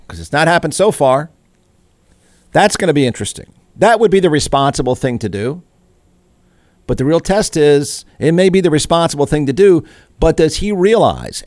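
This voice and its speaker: A radio talk show host from Austin, Texas, delivers snarky, irreverent opinion commentary packed with rhetorical questions. His voice is on the high side, recorded in studio quality with no echo.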